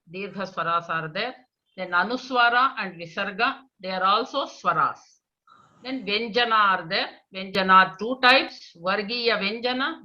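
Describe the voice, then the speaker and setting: A woman teaching children in an online class, patiently repeating answers, praising pupils and chanting verses slowly for them to echo. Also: medium pitch, sharp tone. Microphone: video call. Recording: dull lo-fi online call.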